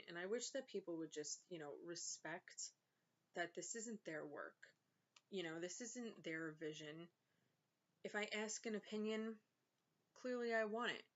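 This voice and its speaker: A woman's voice: on the low side, a bit bright. A young woman venting in a casual vlog, sarcastic and exasperated, with lots of fillers. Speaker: vlogger and author. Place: home. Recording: slightly dull lo-fi sound.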